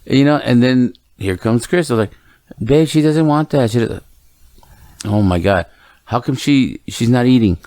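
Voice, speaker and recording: A man co-hosting a casual podcast chat, telling animated family stories and acting out voices. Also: medium pitch, normal speed, dry recording. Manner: animated storyteller, mimics his daughter and parents. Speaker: podcast co-host.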